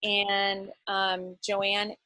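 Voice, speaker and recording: A woman's voice: mid-range voice, completely flat delivery, extremely slow, pushed and bright, no echo. A woman leading an online workshop over a video call, chatty and encouraging, talking in loose, rambling sentences. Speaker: workshop facilitator. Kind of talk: casual online workshop talk.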